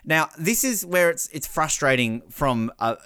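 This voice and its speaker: A man hosting a casual podcast recap, animated, laughing often and mimicking the people he talks about. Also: fairly high pitch, measured pace, smooth, no room sound. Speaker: podcast host.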